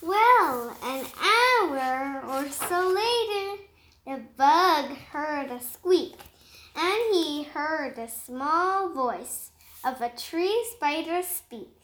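A woman reading a rhyming picture book aloud, slowly and carefully, with small stumbles. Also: sits high, lively intonation, a bit bright. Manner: slow, careful read-aloud pace with occasional stumbles. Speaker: storyteller. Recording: echoey room.

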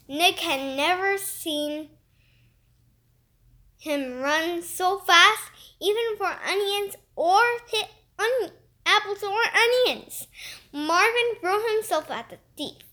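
A woman reading a children's story aloud in an expressive, lively way. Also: very high voice, slow pace. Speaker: storybook reader.

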